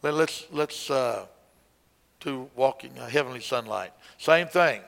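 A man's voice: medium pitch, a little slow, vocal fry, fairly bright tone. A man teaching song leaders how to beat time, counting aloud and breaking into hymn lines to show the beats. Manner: explains conducting, breaks into hymn singing. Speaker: song leading instructor. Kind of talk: music lesson with singing. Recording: long hall reverb.

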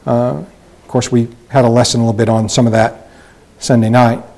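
A man's voice: medium pitch, flat delivery, normal speed, warm tone, rough recording. A man teaching a Bible study lesson, reading verses and explaining them in a loose, conversational way with many fillers and restarts.

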